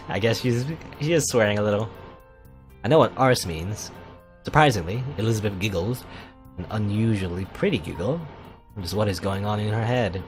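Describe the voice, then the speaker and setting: A man with a fairly low voice hosts a let's play, reading the game's lines aloud and drifting into loose, thinking-aloud tangents full of fillers. Now and then he slips into a mock posh voice for a quip. Faint music plays underneath. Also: animated, normal speed. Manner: puts on a mock posh British voice for quips. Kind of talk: reading a visual novel aloud with commentary.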